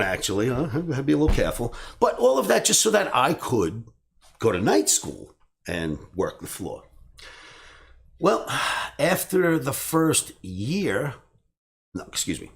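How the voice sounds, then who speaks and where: A middle-aged man from the New York area telling a personal story, animated and acting out the dialogue. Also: mid-range voice, gravelly. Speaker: trading educator and host.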